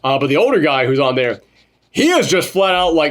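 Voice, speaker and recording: A man co-hosting a casual film review chat, animated, swearing freely and mimicking characters as he goes. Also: a little high, moderate pace. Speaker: podcast co-host reviewing a film.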